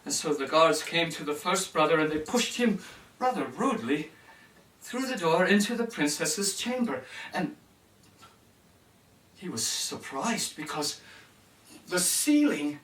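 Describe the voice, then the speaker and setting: A man tells a fairy tale to children at an unhurried pace, and his pitch leaps and dips as he plays up each moment. He calls out to his listeners now and then. He is heard from a distance in a roomy space. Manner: animated, shifting into character voices and addressing the audience. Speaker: storyteller. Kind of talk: storytelling for children.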